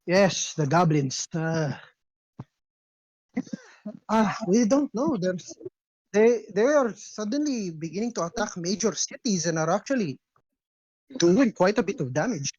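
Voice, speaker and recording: A man voicing a gruff middle-aged tavern keeper in a tabletop game, with a self-important manner. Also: high-pitched, lively intonation, unhurried, long pauses, darkish tone, no echo, lo-fi sound. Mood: matter-of-fact.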